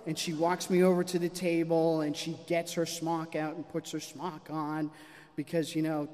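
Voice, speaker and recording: A man telling a personal story to a live audience, animated and self-mocking. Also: a little high, moderate pace. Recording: long hall reverb.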